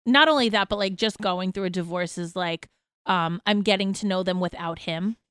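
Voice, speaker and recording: A woman in her thirties chats on a podcast in a loose, filler-heavy way, swearing freely. Her voice is smooth and clear, and it sits dry and close to the mic. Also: medium pitch, normal speed, fairly bright tone, no room sound. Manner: chatty, swears, lots of "like" fillers. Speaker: podcast co-host. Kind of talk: casual chat.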